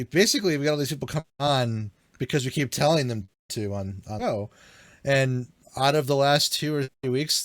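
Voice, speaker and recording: A man co-hosting a gaming podcast in casual chat, blunt and quick to swear. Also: medium pitch, no room sound. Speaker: podcast co-host.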